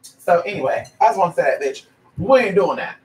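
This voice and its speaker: A woman's voice: fairly low pitch, a little fast. A trans woman who gives paid readings, talking straight to her viewers in a blunt, sassy rant full of swearing, switching into mimicry of other people as she tells her stories. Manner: animated, mimics other people mid-story. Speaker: paid psychic reader. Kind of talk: casual vlog rant to viewers. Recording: roomy echo, distant from mic.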